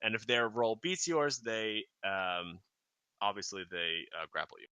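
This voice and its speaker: A man's voice: on the low side, animated, measured pace, bright, forceful tone, smooth, no echo. A man narrating as dungeon master in a tabletop game, rambling with many fillers and restarts.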